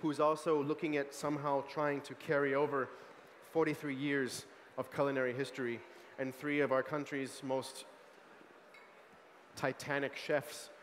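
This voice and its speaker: A man's voice: mid-range voice, normal speed, slight background noise. Chatty American man in a reverberant hall. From United States. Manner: animated, chatty, lots of fillers and asides. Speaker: sommelier giving a wine tasting talk. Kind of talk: lively tasting presentation. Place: large hall at a food market event.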